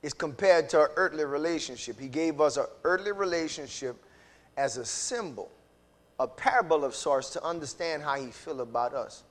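A man preaching a sermon. He drops to low asides, climbs to shouted peaks, and acts out dialogue between characters. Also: expressive, moderate pace. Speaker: pastor.

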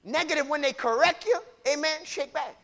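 A man preaching a sermon with call-and-response phrases, repeating lines and building into shouts. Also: extremely high pitch, brisk.

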